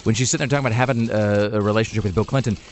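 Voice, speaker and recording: A male talk radio host who rattles along at a fast clip, full of sardonic asides and tangents. His voice sits slightly low and carries a faint hiss of background noise from the studio. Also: steady tone. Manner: rapid, sardonic, rambling asides. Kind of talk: irreverent talk radio banter.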